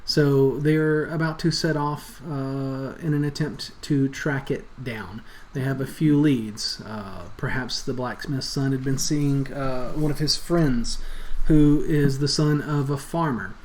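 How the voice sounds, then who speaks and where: A man's voice: medium pitch, slow, darkish tone. A man in a mid-range voice narrates as game master for an online tabletop game. He speaks in a loose, conversational way, with frequent fillers and restarts. A faint hiss sits behind him.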